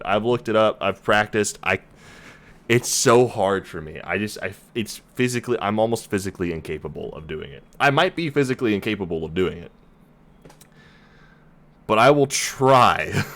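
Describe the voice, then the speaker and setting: A man's voice: lowish voice, a bit bright. Chatty, self-deprecating male streamer. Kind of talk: let's play commentary.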